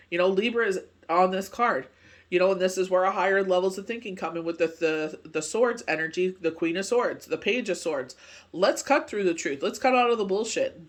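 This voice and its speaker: Chatty woman giving a tarot reading. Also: lowish voice. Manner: chatty, rambling, constant filler phrases. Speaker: tarot card reader. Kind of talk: casual tarot reading chat. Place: speaking from Canada.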